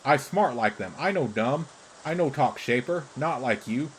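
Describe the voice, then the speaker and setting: A man's voice: medium pitch, lively intonation, moderate pace, a little hiss or hum, close to an everyday voice, low-quality recording. A man reading a shrewd wandering creature gossip. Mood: matter-of-fact. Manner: broken, clipped pidgin speech.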